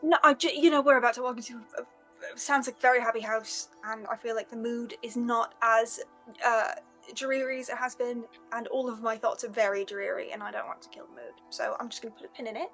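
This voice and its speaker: Woman player, a bit higher voice, chatty and jokey, self-deprecating. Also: flat delivery, brisk, fairly bright tone, soft background music. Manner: rambling, joking, self-deprecating. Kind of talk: casual chat and table talk.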